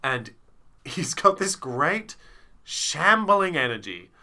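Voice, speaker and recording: Bright-voiced man rambling through a review. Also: fairly high pitch, sing-song, slow pace. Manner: rambling, self-interrupting with many fillers. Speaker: podcast co-host. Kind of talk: casual chat reviewing a show.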